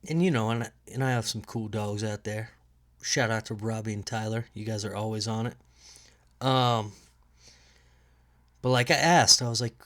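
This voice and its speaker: A man's voice: medium pitch, a bit bright. Rambling, profane man, nasal voice. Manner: rambling, profane, laughs at own jokes. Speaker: podcast host. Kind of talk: casual solo sports podcast. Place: home.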